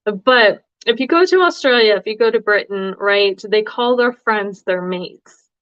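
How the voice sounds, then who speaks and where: A woman's voice: medium pitch, unhurried, a bit bright, dry recording. A woman hosting a casual live-stream as a tarot reader, chatty and often laughing between thoughts. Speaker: tarot reader and livestream host. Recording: dry, slightly dull sound.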